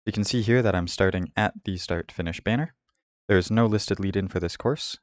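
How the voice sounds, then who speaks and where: Deep-voiced guy narrating a route guide, steady and methodical, dry sound. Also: dry recording. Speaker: host of a cycling route guide. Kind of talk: scripted voice-over over game footage.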